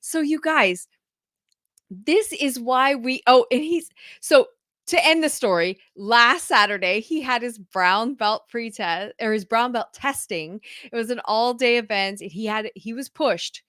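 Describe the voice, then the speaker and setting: A woman's voice: fairly high pitch, unhurried, pushed and bright, dry recording, clean studio sound. A woman parenting mentor chatting casually and enthusiastically to her viewers, laughing often. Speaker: mother. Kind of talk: casual live chat to viewers.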